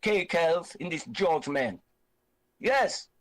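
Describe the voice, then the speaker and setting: A man's voice: on the high side, big pitch swings, slow, rough recording. A Jamaican man hosting an online show who argues with passion, preaching and repeating his points for emphasis. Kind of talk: impassioned reasoning talk.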